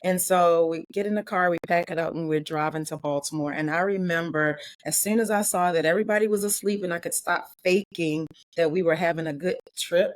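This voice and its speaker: Woman from Maryland, lower voice, emotional and near tears, earnest storytelling, dry sound. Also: dry recording. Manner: earnest, heartfelt, quick bursts of speech. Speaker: guest, life and business coach.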